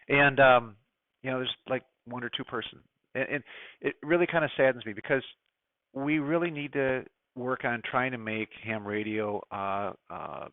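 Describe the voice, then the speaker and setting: A man's voice: mid-range voice, dry recording. Chatty middle-aged man on a tinny line. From United States. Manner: chatty, opinionated, many fillers and asides. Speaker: ham radio club presenter. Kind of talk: casual presentation talk. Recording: dry, phone-like narrow sound.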